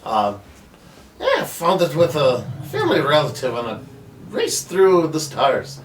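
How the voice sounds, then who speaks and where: A man's voice: on the high side, very animated, a little slow. A man playing a tabletop game, stumbling through his lines in character. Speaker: player. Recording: echoey room, far from mic, noisy.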